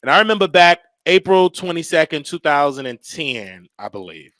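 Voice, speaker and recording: A young man hosting a show, telling a comedic story in an animated way and acting out the voices. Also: a little high, normal speed, dry recording. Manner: animated, acts out voices, laughs between lines. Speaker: show host.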